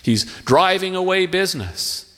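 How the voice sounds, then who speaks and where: A man's voice: high-pitched, animated, a little slow, a bit bright. Man doing a fretful, complaining shop owner. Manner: complaining, exasperated. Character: fretful middle-aged male shop owner. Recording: long hall reverb.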